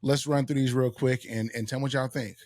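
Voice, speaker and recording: A man's voice: mid-range voice, steady tone, fairly quick, a little mellow, no echo, clean studio sound. A man co-hosting a pop culture podcast, chatting casually and hyping up his viewers to weigh in. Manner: hyped, eggs on the chat audience. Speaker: podcast co-host.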